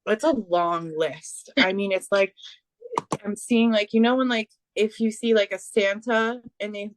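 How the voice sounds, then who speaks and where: Woman, psychic medium, spiritual reading, halting, filler-heavy, very slow, dry sound. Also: mid-range voice, no room sound.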